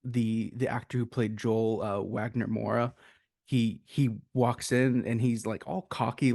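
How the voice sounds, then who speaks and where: A man's voice: medium pitch, flat delivery, a little slow, creaky, a little mellow, no echo, clean studio sound. A man co-hosting a casual film review, making earnest points with rhetorical questions. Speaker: podcast co-host.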